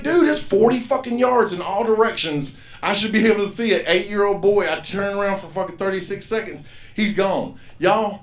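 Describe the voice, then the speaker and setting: A man's voice: high-pitched, lively intonation, brisk, reverberant. Profane man doing stand-up. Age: 50s. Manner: profane, rambling, acts out characters loudly. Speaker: stand-up comedian. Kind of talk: stand-up comedy set. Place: comedy club stage.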